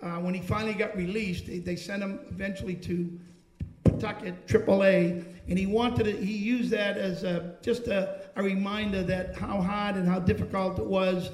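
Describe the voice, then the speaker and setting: Man, halting speaker, high and flat, roomy. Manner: halting, restarts sentences. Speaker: friend giving a speech. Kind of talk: speech to a gathering. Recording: echoey room.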